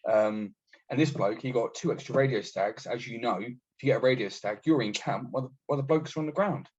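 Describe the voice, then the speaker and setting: A British army veteran telling war stories in a casual, blunt and sweary way, acting out what others said. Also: male voice, mid-range voice, quick pace, darkish tone, husky. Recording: dull lo-fi podcast audio.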